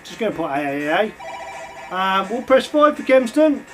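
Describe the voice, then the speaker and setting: A man with a high voice chats his way through old computer games, scoring and commenting as he plays. He rambles with plenty of ums and uhs. Faint game music sits behind him. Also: big pitch swings, moderate pace, fairly bright tone. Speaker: retro game reviewer. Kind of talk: casual gameplay commentary.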